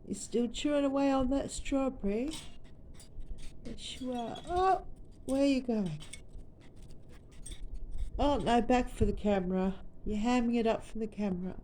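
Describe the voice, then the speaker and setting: A woman's voice: fairly high pitch, unhurried, pauses often, mellow, a little hiss or hum. A woman chatting to her pet parrot in a sing-song, doting baby-talk way. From Australia. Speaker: pet owner. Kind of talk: casual chat to a pet bird.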